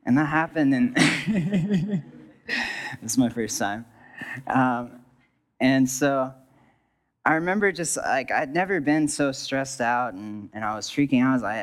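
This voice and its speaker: A man's voice: medium pitch, expressive, unhurried, pauses often. A young man telling a personal faith story to an audience, rambling with restarts and joking asides. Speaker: speaker sharing a testimony.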